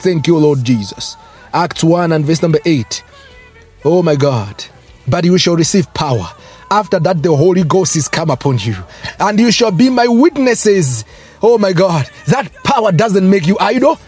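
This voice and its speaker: Male preacher, high lively voice, husky, faint music behind. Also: moderate pace. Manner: fervent, repetitive exclamations and rising cries. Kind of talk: sermon with speaking in tongues.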